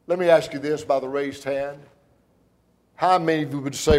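A man preaching a sermon, telling stories earnestly and with emotion, slowing down for emphasis. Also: fairly high pitch, steady tone, a little mellow.

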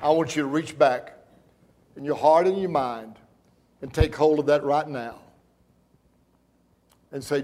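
A man preaching a sermon, telling stories earnestly and with emotion, slowing down for emphasis. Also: fairly high pitch, warm tone.

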